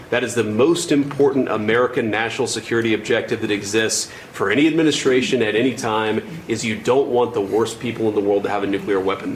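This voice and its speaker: A man who is a politician, making measured and serious formal remarks in a deliberate way. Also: lowish voice, slight background noise.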